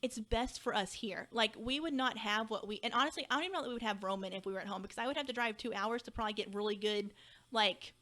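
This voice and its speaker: A young woman from Kentucky tells a personal story as a podcast guest, with a fairly high, bright and forceful voice. She acts out past conversations with lively energy. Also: fast talker. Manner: animated, acts out past dialogue. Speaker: podcast guest, second grade teacher.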